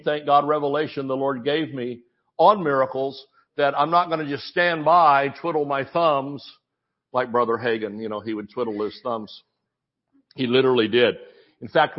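A man preaching a sermon as pastor, telling stories with animated asides and mimicking voices in quotes. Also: mid-range voice, highs cut off.

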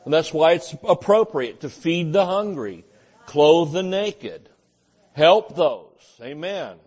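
A man's voice: fairly high pitch, lively intonation, takes it slowly, a little mellow, husky. A male pastor, preaching a sermon in a folksy, joking way and often saying amen.

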